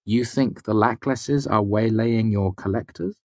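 A man's voice: on the low side, a little slow, dry recording, pitched above the performer's own voice. A man playing a polite young courtier. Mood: polite, deferential. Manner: formal, deferential. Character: young deferential male courtier, polite and careful.

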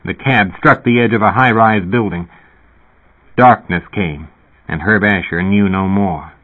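A man reading science fiction as an audiobook narrator in a steady, even storytelling manner, over a phone-like narrow sound. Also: lowish voice, measured pace.

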